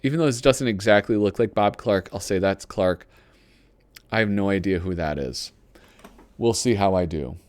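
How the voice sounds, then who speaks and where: A man's voice: on the low side, normal speed, darkish tone, no echo. A man hosting a show, giving casual, rambling commentary as he pages through a magazine and reads bits aloud, often poking fun at himself. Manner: rambling and self-deprecating, reads lines aloud. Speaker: host.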